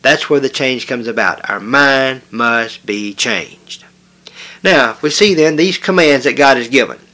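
A man's voice: medium pitch, expressive, unhurried, pushed and bright. A man preaching a sermon, emphatic and repetitive, with frequent hesitations and restarts. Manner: emphatic, repetitive preaching with rising stress on key words.

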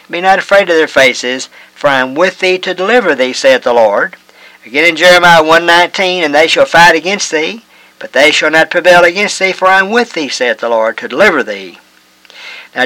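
A man giving a measured Bible teaching, reading scripture passages aloud in old-fashioned wording. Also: a little high, sharp tone, dry recording, rough recording. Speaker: preacher.

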